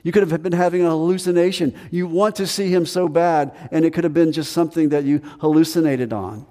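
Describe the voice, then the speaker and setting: A man's voice: fairly high pitch, a little fast, warm tone, in a large hall, pitched above the performer's own voice, natural voice. A male preacher voicing a doubting disciple, a stubborn skeptic who demands proof, in a raised voice. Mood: insistent.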